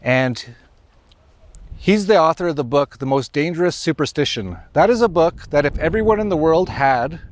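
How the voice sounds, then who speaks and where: A man hosting an online video, talking casually to his viewers. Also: fairly high pitch. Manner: chatty, addressing viewers directly. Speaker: video host. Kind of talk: casual commentary.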